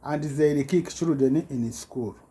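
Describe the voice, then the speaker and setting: A man giving a rambling personal account in halting broken English, full of restarts and repetitions, his voice jumping up when he gets agitated. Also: fairly high pitch, mellow. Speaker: self-recorded complainant.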